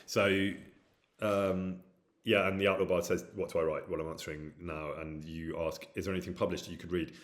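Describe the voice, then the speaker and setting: A man with a low voice talks casually on a live stream. He reads out questions from chat and answers at length, wandering through his replies with plenty of hesitant fillers. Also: little pitch movement, moderate pace.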